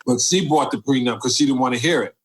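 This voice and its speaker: A man in his fifties, a podcast guest telling stories from his career and acting out the voices of people he quotes. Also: quick pace. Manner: animated storyteller who acts out quoted voices with big pitch jumps. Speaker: podcast guest, former basketball player. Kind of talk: storytelling interview.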